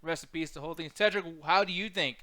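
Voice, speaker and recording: A man chats on a gaming livestream in a quick, high voice with a bright edge. He swears freely and rambles through jokes as a co-host would. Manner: profane, joking, rambling. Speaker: podcast co-host. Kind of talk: casual livestream banter.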